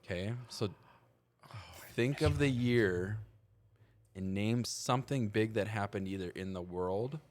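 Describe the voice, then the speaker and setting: A man's voice: fairly low pitch, a little slow, long pauses. A man hosting a casual podcast chat with his co-hosts, leading the talk in a playful, teasing way. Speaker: podcast host.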